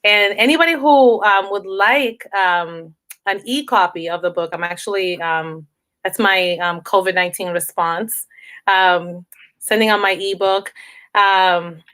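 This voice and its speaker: A woman author as a guest on a live chat, earnest and warm. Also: mid-range voice, unhurried. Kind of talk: casual chat and poem reading.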